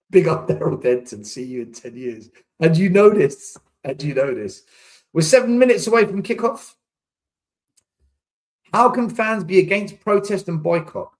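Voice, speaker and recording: A man hosts a live fan chat, reading viewers' comments aloud and answering them in a loose, casual way. He rants in exasperation, hammering words over and over for emphasis. His voice sits a little high for a man. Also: expressive, moderate pace, long pauses. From England.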